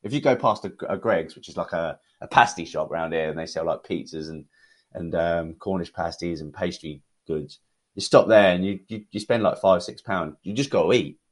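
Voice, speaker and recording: British man, lowish voice, relaxed, chatty podcast guest. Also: normal speed. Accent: British English. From United Kingdom. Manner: relaxed, chatty, many fillers. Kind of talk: casual conversational storytelling.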